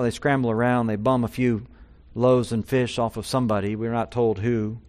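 A man preaching a sermon, his voice swelling loud and high on key points and dropping low and quiet on others. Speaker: pastor.

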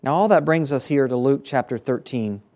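A man's voice: mid-range voice, normal speed, darkish tone. A man preaching a sermon as pastor, earnest, his voice rising and falling for emphasis, at times repeating words.

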